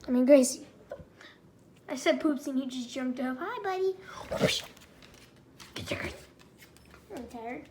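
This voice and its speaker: A woman's voice: high voice, a little slow, long pauses, dark tone. A woman vlogging at home, chatting playfully and teasingly with her pet dogs as she films them. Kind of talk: casual off-the-cuff chatter. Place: indoors at home. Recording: noisy home video recording.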